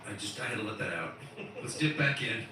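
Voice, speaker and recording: A middle-aged man hosting live commentary, talking in quick, emphatic, incredulous bursts. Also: fairly low pitch, lively intonation, heavy reverb, distant mic, noisy background. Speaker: host.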